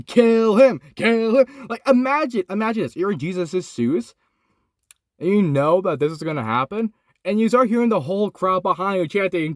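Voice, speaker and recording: A young man recording in his van, casually retelling a Bible story, swinging from excited to hushed and solemn. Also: high-pitched, dry recording, clean studio sound. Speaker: host. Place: inside a van.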